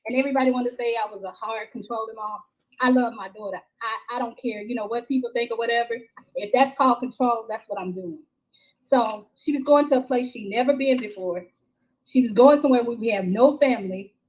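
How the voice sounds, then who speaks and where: A middle-aged woman from Texas, a mother telling her story in a live-stream interview, halting and repeating herself with many fillers. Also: fairly high pitch, poor audio. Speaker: grieving mother, interview guest. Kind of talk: emotional first-person account in a live-stream interview.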